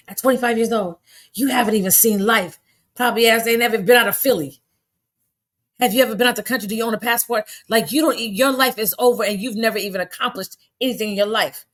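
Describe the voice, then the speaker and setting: Blunt, indignant middle-aged woman ranting. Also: fairly bright tone. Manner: blunt, indignant, preachy, swings up to high exasperated outbursts. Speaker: commentary vlogger. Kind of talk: casual ranting commentary.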